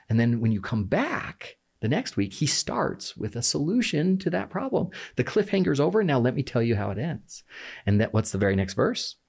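A man's voice: fairly low pitch, very animated, moderate pace, gravelly, a little mellow, slightly rough. A man passionately explaining the language of a scripture passage in casual conversation, often checking in with "right?". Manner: passionate, emphatic, fond of rhetorical "right?".

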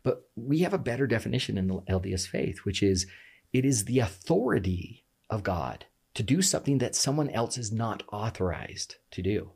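Husky, gravelly man talking passionately. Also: fairly low pitch, sing-song, normal speed, darkish tone. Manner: passionate, emphatic, restarts mid-sentence. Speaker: guest explaining scripture. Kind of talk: animated podcast conversation.

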